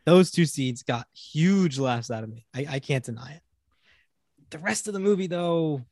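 A man's voice: on the high side, lively intonation, moderate pace, a little mellow, no room sound, clean studio sound. A man co-hosting a casual movie review podcast, hesitant and frank, swearing freely. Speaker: podcast co-host.

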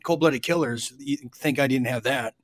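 A man's voice: mid-range voice, moderate pace. A man hosting a call-in show, joking and stammering through casual chat. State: sweating. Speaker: host.

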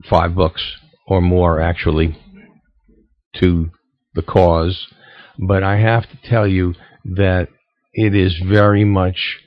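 A man hosting a radio show, talking casually and a little haltingly with restarts. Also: deep voice. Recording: dull, lo-fi sound.

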